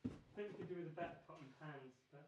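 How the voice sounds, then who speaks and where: A man's voice: a little high, racing, dull audio, noisy background. A man hosting a music livestream, chatting casually and poking fun at himself between numbers. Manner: relaxed, chatty, self-deprecating asides. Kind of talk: casual chat between songs. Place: home room at a piano. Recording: music clearly heard behind. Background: music playing.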